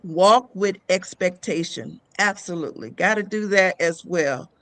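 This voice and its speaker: A woman guest on a live-stream panel chat, speaking in a deliberate, rhyming way. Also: lowish voice, expressive, no room sound. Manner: slow, deliberate, rhyming delivery.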